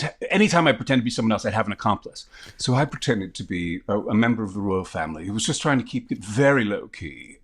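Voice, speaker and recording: A man telling lively anecdotes as a guest, jumping into other people's voices as he goes. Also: mid-range voice. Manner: animated storyteller, jumps into voices of others.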